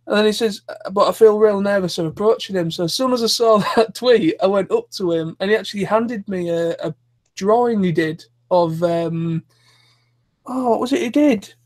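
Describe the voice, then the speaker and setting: A man with a notably high voice chats on a live stream, telling stories in a loose, rambling way full of restarts. He speaks casually and informally. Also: normal speed. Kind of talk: casual chat.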